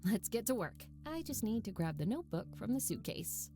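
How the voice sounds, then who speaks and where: A woman's voice: medium pitch, big pitch swings, fairly quick, warm tone, faint music behind. A woman voicing a wry young woman writer on a spooky vacation in a game.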